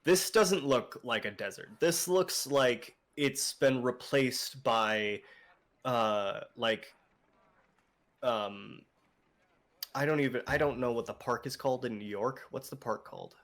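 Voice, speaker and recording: A man's voice: medium pitch, takes it slowly, fairly bright tone. Young male game master, loose rambling narration, casual and profane. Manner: casual, rambling with fillers and swearing.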